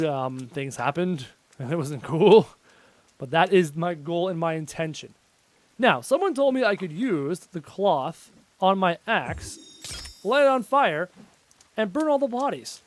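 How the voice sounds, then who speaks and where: A man giving chatty live gameplay commentary, excitable and often yelping at enemies. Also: high-pitched. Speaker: gaming YouTuber.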